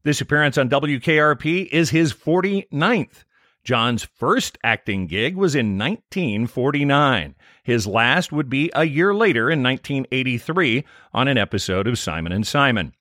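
A man's voice: medium pitch, expressive, moderate pace, sharp tone, dry recording, clean studio sound. A man co-hosting a podcast, reading a scripted episode recap with trivia in an upbeat manner. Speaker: podcast co-host.

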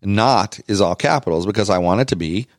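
A man with a fairly low voice talks through a casual podcast as co-host. He tells stories in an animated, emphatic way. The sound is dry and close, with no room echo. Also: fairly quick. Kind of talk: casual chat.

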